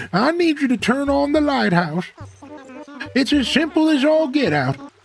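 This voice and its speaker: A man voicing a chummy, rambling old male tortoise mayor from a video game, in a high, drawn-out old man's voice. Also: heavily acted. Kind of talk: reading game dialogue aloud.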